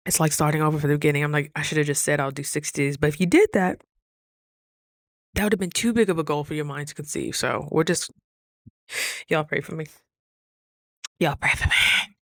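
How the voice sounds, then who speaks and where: A woman's voice: low voice, steady tone, brisk, pauses often, no room sound. A woman talking through a casual diary vlog, earnest and reflective, sometimes close to tears. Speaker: vlogger.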